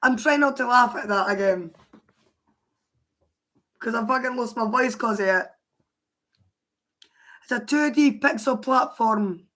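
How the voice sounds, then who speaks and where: A Scottish woman with a hoarse, worn voice, chatting casually on a livestream and answering her viewers' comments aloud. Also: a little high, a little slow, pauses often, fairly bright tone. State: hoarse, voice mostly gone.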